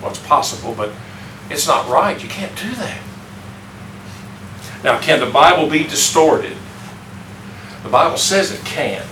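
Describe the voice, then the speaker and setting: A man's voice: fairly high pitch, animated, unhurried, pauses often, sharp tone, distant mic. Older man teaching a folksy Bible class. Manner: folksy, chuckling, asks the class questions. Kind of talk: informal Bible class lesson. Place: classroom or church meeting room. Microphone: distant room mic. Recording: echoey room recorded from afar with background noise.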